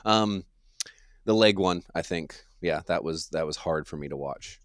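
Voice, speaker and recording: A man's voice: sits low, a little slow, no room sound, clean studio sound. A man in a casual movie review chat, laid-back and making short remarks.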